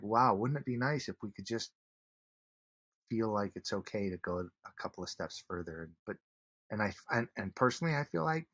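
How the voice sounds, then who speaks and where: Earnest husky man telling a story. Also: on the low side, fairly bright tone, dry recording. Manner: earnest, halting, many restarts, acts out quoted voices. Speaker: podcast guest, author. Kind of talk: casual storytelling interview.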